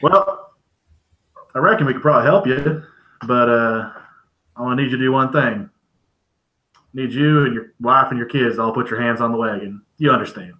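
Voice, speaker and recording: A man's voice: medium pitch, normal speed, long pauses, pushed and bright, lightly acted, poor audio. A man voicing a cocky outlaw cowboy with a slangy drawl. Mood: menacing.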